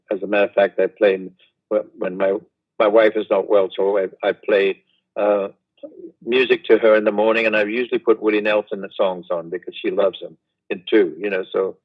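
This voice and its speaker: An older man, a guest reminiscing in an unhurried, rambling way over a video call. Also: lowish voice, muffled recording. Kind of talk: casual interview chat.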